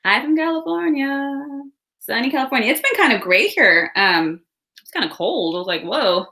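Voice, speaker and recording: A woman's voice: mid-range voice, sing-song, a little fast, bright, forceful tone. Bubbly woman hosting a webinar. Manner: chatty, upbeat, greets viewers by place. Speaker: workshop host. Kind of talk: live webinar chat. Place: home room with window.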